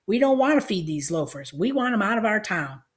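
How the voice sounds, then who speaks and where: A woman reading an audiobook, voicing a blustering, pudgy male small-town sheriff who bawls and booms with indignation. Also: very animated, fairly quick, lightly acted. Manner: bawling, booming, indignant.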